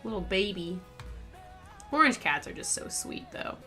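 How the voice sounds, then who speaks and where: Chatty young-sounding woman streamer, bright voice. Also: mid-range voice, big pitch swings, measured pace, soft background music. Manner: rambling, chatty, lots of likes and laughs. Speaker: art streamer. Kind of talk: casual chat while drawing on stream.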